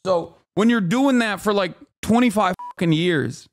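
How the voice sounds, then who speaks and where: A man's voice: sits high, normal speed. A man in his thirties giving casual reaction commentary on a stream, emphatic and incredulous, swearing heavily.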